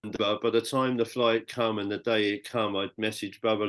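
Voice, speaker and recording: Brief: British man, low voice, rambling heartfelt podcast storyteller. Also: steady tone, normal speed, few pauses. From Britain. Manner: rambling and heartfelt, with many restarts. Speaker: podcast guest. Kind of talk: personal storytelling.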